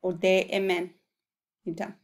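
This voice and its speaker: A woman teaching an Ojibwe vocabulary lesson, sounding out words slowly and coaxing learners to repeat after her. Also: lowish voice, little pitch movement. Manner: patient, coaxing repetition for learners. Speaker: language teacher.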